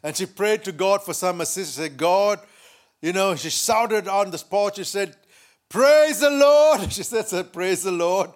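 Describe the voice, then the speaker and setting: A man preaching a sermon, telling a story with shouted quotes and frequent laughter. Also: high-pitched, moderate pace. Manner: lively, laughs often, shouts quoted lines. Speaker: pastor.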